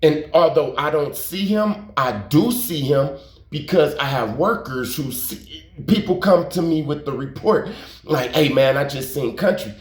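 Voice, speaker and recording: A man with a fairly high voice tells a story in a loose, rambling way. He repeats words, drops slang and curses for emphasis. The room is roomy and echoey. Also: lively intonation, a little slow, a little mellow. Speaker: YouTube storyteller. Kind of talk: casual storytelling monologue. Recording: roomy echo.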